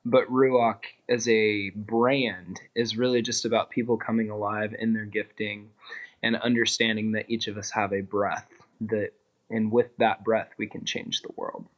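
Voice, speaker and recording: A man's voice: on the low side, little pitch movement, measured pace. A man talking in an earnest, reflective way as an interview guest, with the odd filler "um". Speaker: interview guest, clothing designer. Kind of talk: casual interview chat.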